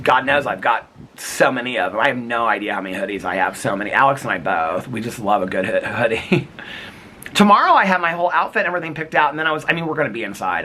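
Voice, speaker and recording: A man's voice: mid-range voice, bright, forceful tone, a little hiss or hum. A man vlogging in casual chat, telling stories and acting out conversations, recorded outdoors in the cold. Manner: chatty storytelling, acts out quoted conversations.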